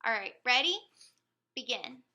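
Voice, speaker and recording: Bright-voiced woman giving clinical instructions. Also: a little high, unhurried. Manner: calm, step-by-step instructions. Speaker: speech examiner. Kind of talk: clinical motor speech exam.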